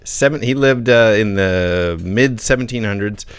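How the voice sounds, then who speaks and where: A man with a fairly low voice chats on a podcast in a loose, joking way and laughs easily. When he reads a passage aloud he slows to a careful pace. The sound is close and dry. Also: smooth, no echo. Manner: laid-back, joking, laughs often, slows down to read. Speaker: podcast co-host. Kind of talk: casual chat, reading a passage aloud.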